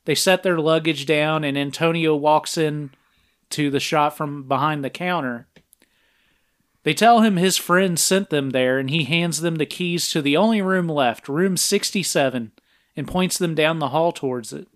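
A man co-hosts a podcast, summarizing a film's plot scene by scene in an easygoing way. His voice sits a little high for a man, and he keeps stopping for filler sounds as he goes. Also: unhurried. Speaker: podcast co-host. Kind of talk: casual film recap.

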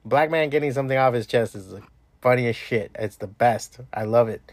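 A man rambles through a casual podcast monologue from home, swearing freely and restarting his sentences. His voice sits at an ordinary pitch for a man. The sound is close and dry, with no room echo. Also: brisk. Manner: profane, rambling, lots of restarts and fillers. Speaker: podcast host.

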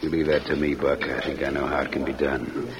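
A sly, scheming outlaw. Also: male voice, a bass voice, level tone, brisk, noisy background. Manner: smooth, coaxing plotting. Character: scheming scarred male outlaw, sly and persuasive. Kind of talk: 1940s radio acting. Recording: dull old radio recording.

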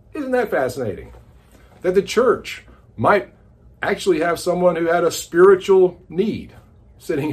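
A man hosting a casual devotional podcast, teaching the Bible as an animated, conversational storyteller. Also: medium pitch.

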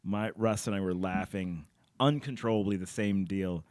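Lower-voiced guy goofing around on a podcast, laughs a lot, dry mic. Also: moderate pace, a little mellow, dry recording. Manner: playful, laughs easily. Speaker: guest. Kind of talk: casual chat.

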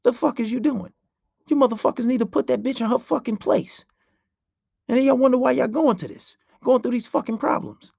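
A man's voice: extremely high pitch, brisk, creaky, darkish tone, breathy edge, dry recording, clean studio sound. A man hosting a solo podcast, ranting in a brash, profane and preachy way. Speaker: podcast host.

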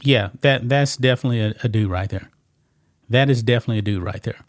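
A man's voice: mid-range voice, fast talker, background noise. A man giving casual reaction commentary on a video clip, repeating himself and often saying "man". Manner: casual, repetitive, says "man" a lot.

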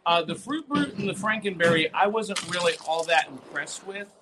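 A man's voice: sits high, expressive, normal speed, noisy background. A man co-hosting a casual live podcast at an indoor event, chatty and playfully teasing. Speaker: podcast co-host. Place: indoor arts center event with vendors.

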